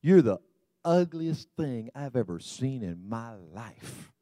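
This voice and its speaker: A man's voice: on the high side, huge pitch swings, takes it slowly, vocal fry, darkish tone, breathy edge, no echo, studio quality, exaggerated voice. A man voicing a rude male talking parrot that taunts a shop customer in a sermon joke. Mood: taunting. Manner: insulting, taunting.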